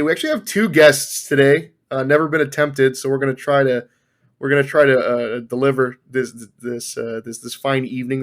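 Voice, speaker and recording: A young man hosting a gaming podcast, upbeat and loose, often pausing with "uh". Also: medium pitch. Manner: upbeat, with many "uh" fillers. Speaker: podcast host. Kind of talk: casual chat.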